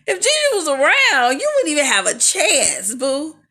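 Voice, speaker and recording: A woman's voice: sits high, huge pitch swings, moderate pace, sharp tone. A woman vlogger telling a storytime rant in a sassy, blunt and profane way. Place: home in Las Vegas.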